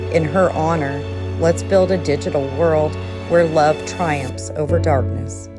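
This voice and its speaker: A woman narrating a true crime story in a solemn, dramatic scripted delivery. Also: sits low.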